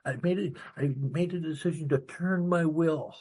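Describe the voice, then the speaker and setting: A man from New York sharing his recovery story at a meeting, animated and blunt, acting out old conversations. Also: fairly high pitch, moderate pace, few pauses, slightly rough. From New York, USA. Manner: animated storyteller, acts out dialogue, blunt and salty. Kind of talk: personal recovery story talk.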